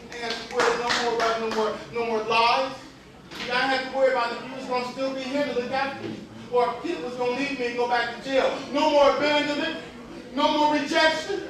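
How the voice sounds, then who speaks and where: Man, high-voiced, casual slangy stage monologue, mic far off, audience behind. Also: little pitch movement, quick pace, a crowd in the background. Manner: conversational storytelling with slang, repeats and voice shifts. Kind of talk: live comic monologue. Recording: echoey hall from far off with audience.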